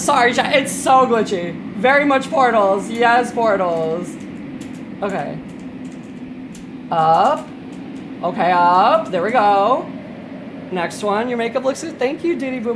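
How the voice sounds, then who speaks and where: A woman's voice: on the high side, noisy background. A young woman live-streaming a game, chatting with her chat, a little tipsy, swearing and shrieking when startled. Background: game music.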